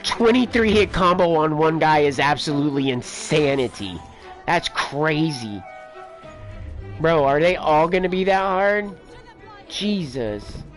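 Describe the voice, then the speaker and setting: A man's voice: on the high side, expressive, unhurried, soft background music. A man streaming a game, telling rambling stories between play, filler-heavy and casual. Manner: rambling storyteller, lots of "like" and "dude". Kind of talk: casual let's play commentary.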